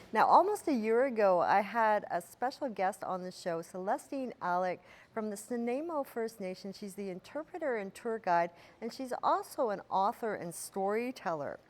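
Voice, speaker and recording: A woman hosting a local TV show, relaxed and casual, with frequent fillers. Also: mid-range voice. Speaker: TV show host. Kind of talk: casual TV interview.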